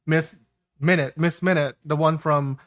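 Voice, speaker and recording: A man's voice: fairly high pitch, fairly even intonation, measured pace, a bit bright. A man hosting a live-stream show, reading viewer comments in an easygoing way. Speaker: host. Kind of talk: casual live-stream chat.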